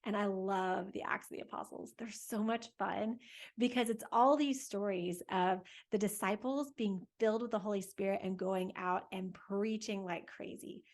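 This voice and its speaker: A woman hosting a faith lesson for families, telling a Bible story to children in a lively, conversational way and asking her listeners questions as she goes. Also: medium pitch, moderate pace. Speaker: catechist host for families.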